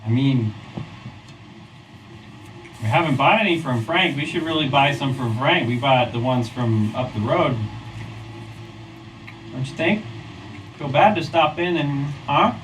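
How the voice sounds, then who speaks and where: A man playing a tabletop game, relaxed and joking. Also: mid-range voice, measured pace, pauses often, far from the mic, slight background noise, poor audio. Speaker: player. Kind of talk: casual tabletop game play.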